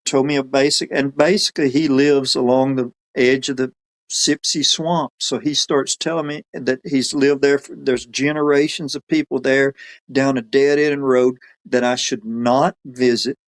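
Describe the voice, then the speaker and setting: A man's voice: medium pitch, fairly even intonation, moderate pace. Folksy man telling a story. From Alabama. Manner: folksy, rambling, quotes others in his own voice. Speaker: podcast guest telling a story. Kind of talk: casual storytelling.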